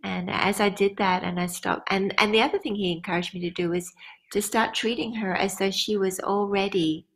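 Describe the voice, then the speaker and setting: Husky, gravelly-voiced woman pastor. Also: mid-range voice, fairly even intonation, moderate pace, fairly bright tone, poor audio. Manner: earnest testimony with prayerful asides. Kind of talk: conference Q and A teaching.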